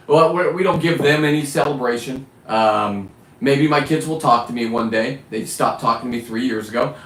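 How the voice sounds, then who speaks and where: A man's voice: mid-range voice, a bit bright, roomy sound, poor audio. A middle-aged man hosting a live stream, ranting in a blunt, profane, rambling way. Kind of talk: casual live-stream rant.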